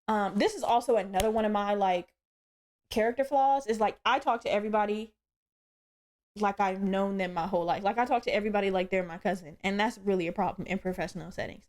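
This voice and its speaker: A woman's voice: mid-range voice, quick pace, a little mellow. A young woman hosting her own podcast, telling a story in a chatty, profane way and laughing as she goes. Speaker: podcast host. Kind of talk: casual storytelling monologue.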